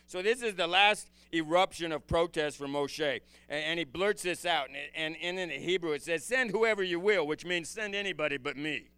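A man preaches a Bible sermon in a bright, forceful voice that sits fairly high. His delivery is animated, jumping from loud exclamations to hushed asides, and he asks his listeners rhetorical questions. The sound is smooth and resonant, and the recording is dry and close. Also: normal speed, hardly any pauses, dry recording. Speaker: pastor teaching from the Bible. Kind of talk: expository sermon.

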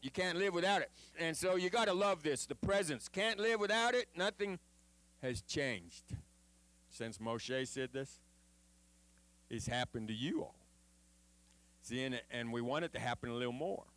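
A man preaching a sermon in an animated, chatty way, with jokes and acted-out quotes. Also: mid-range voice.

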